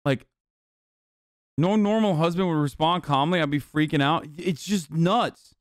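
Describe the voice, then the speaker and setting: A man's voice: fairly high pitch, unhurried, no room sound, clean studio sound. A young man reacting on a stream in casual, profane commentary, ranting and acting out outbursts. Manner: profane, excitable, rants and acts out outbursts.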